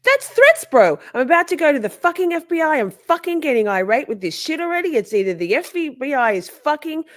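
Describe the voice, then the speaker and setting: A woman putting on the voice of a furious young woman, swearing and exaggerating a rant in a high, loud voice. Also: sing-song, fairly quick.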